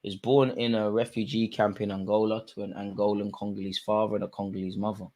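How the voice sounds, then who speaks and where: Excitable football streamer. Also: male voice, on the low side, fast talker. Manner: excitable, slangy, swings from mutters to shouts. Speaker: watch-along streamer. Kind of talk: live football watch-along commentary.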